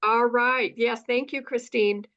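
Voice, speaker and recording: A woman's voice: a little high, unhurried, highs cut off. A woman from the United States, a guest in an interview, telling her story with lots of acted-out dialogue and frequent asides of "right?". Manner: animated, acts out dialogue, says "right?" often.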